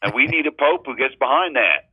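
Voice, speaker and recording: A man's voice: mid-range voice, big pitch swings, brisk, breathy edge, no echo, voice pushed up. A man on a phone call, putting on a glib, boastful politician for laughs. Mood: smug bluster. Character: smug man playing a hard-line politician. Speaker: caller. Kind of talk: comedy impression call-in. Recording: tinny dry phone line.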